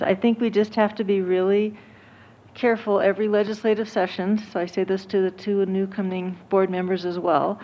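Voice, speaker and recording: A woman's voice: medium pitch, a little mellow. Woman on the school board, muffled audio. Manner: earnest, explanatory, measured. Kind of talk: public meeting discussion. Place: board meeting room. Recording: dull lo-fi meeting audio.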